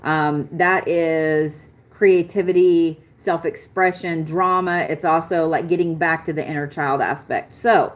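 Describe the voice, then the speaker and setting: A woman giving a live-stream astrology reading in a chatty, excitable way, swearing casually. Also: low-pitched, a little slow, hardly any pauses. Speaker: astrology reader.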